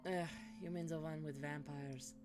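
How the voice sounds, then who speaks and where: A woman's voice: sits low, steady tone, moderate pace, music in the background, lightly acted. A woman voicing a wandering adventurer who talks in a dry, easygoing, teasing way in a cosy tavern role-play. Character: wry wandering adventurer with news of monsters.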